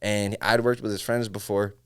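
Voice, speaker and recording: A music engineer from Syracuse in upstate New York, a man, is a guest in a relaxed podcast chat. He speaks at a moderate pace in a clean, lowish voice, animatedly acting out studio conversations and repeatedly saying "bro."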